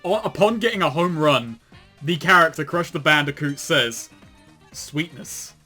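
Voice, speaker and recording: A man's voice: fairly high pitch, expressive, moderate pace, pushed and bright, faint music behind. A man co-hosting a casual commentary show, reading aloud and mocking it with sardonic asides, frequent swearing and laughter. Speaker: commentary co-host.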